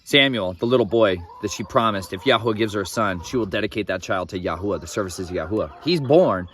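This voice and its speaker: Young man, casual Bible storytelling, rambling and opinionated, lowish voice, outdoors, faint hiss with chickens behind. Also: expressive, fast talker, a bit bright. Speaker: Bible teacher. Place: outdoors in a farmyard. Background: chickens clucking.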